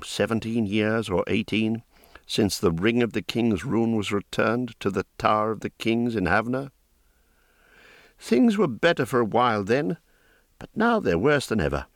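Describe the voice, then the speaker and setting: A man's voice: on the low side, no room sound, clean studio sound. A man voicing a cocky, gossipy young male wizard student who talks in a chatty, offhand way.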